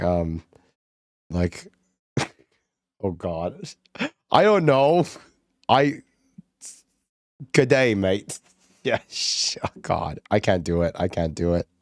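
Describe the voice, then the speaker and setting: Male streamer, giggly and rambling, close and dry sound, mid-pitched voice. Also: dry recording. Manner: giggly, rambling, many fillers. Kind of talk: casual livestream chat.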